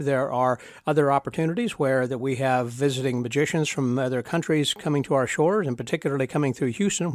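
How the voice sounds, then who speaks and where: Male podcast host, easygoing delivery, mid pitch, dry close recording. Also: no room sound. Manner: relaxed, many "uh" fillers. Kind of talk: casual interview.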